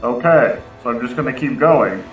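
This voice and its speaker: A man playing a tabletop game, deliberately counting out his moves. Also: medium pitch, animated, roomy sound, dull audio, faint music behind. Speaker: player. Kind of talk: casual tabletop play.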